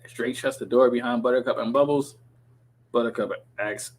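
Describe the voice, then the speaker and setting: A man's voice: mid-range voice, fairly even intonation, brisk, slight background noise, poor audio. A man reading a TV script aloud on his podcast, breaking off into profane, sarcastic commentary.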